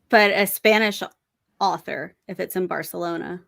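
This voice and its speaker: Slow-talking woman with a gravelly fry. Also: fairly low pitch, fairly bright tone, no room sound. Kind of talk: casual chat.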